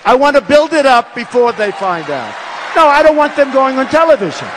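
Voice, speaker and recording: A man in his sixties delivers a rally speech, repeating his points with emphasis and boasting as he drifts between topics. His voice sits high and swings widely in pitch. Long reverb from a large performing arts hall trails each phrase. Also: big pitch swings, brisk, background noise. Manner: repetitive, emphatic, boastful, digressive. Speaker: political candidate speaking at a rally.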